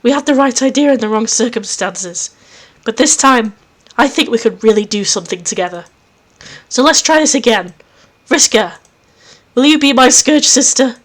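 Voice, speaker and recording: A woman voicing an intense, scheming alien girl who talks about justice and vengeance in a low, measured way. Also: expressive. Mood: earnest.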